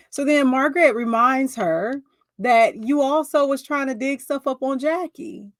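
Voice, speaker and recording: A woman's voice: a little high, no room sound. Sassy woman dishing reality-TV gossip. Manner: sassy, animated storytelling with frequent laughs. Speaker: reality TV commentator. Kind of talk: casual reality-show commentary.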